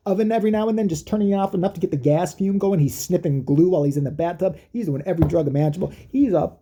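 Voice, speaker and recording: A man's voice: sits high, very fast, dark tone. A man delivering a rambling, profane comedic rant, mocking as he goes. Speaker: comedic commentator.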